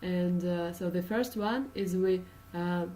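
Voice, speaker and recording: A woman's voice: fairly low pitch, slow, warm tone, distant mic, slight background noise, low-quality recording. A woman from Russia with a Russian accent, teaching an English pronunciation lesson with many uh and um fillers and patient explanations.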